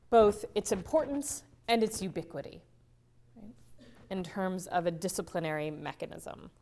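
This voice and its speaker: A woman giving an academic conference lecture, often checking in with the audience through tag questions and restarting her sentences. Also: mid-range voice. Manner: restarts and repeats words mid-sentence.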